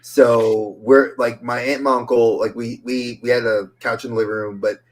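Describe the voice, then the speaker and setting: A male podcast co-host from New York talks in a loose, animated way, laughing often and stammering through restarts. His voice sits at an ordinary pitch. The sound is casual and conversational. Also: normal speed.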